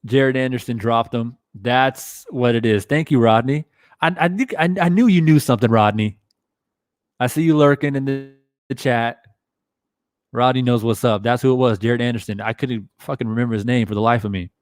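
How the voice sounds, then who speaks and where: A man hosts a live boxing stream, reading chat and talking casually with viewers in an animated, profane style, swearing freely. He has a medium-pitched voice at normal speed, recorded at studio quality with no echo.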